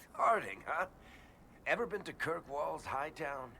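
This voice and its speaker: A man's voice: fairly high pitch, lively intonation, takes it slowly, creaky, bright, forceful tone, slight background noise, heavily acted. A man voicing a wry, teasing dwarf storyteller in a video game.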